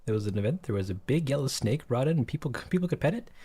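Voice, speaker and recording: A man casually telling a rambling story while he works through a game development project, with many restarts and excited bursts. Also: mid-range voice. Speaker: game developer showing his work. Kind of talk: casual screen-recorded dev vlog with storytelling.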